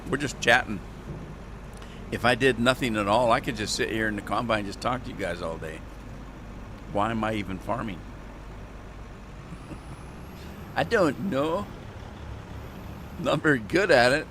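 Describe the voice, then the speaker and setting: A man's voice: mid-range voice, unhurried, long pauses, noisy background. An older man streaming a farming game and chatting casually, with dry, grumbling, self-mocking humor. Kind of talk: casual chat while gaming.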